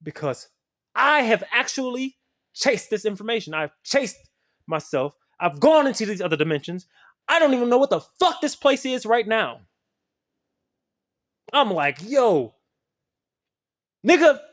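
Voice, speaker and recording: A spiritual video creator delivering an impassioned, profane rant to the camera. The delivery swings from low muttering to shouting. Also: sing-song, normal speed, long pauses.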